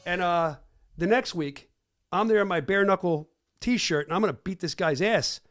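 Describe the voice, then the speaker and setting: A middle-aged podcast host with a high, slightly bright voice speaks at normal speed. In a casual podcast chat, he's brash and joking as he talks over video clips.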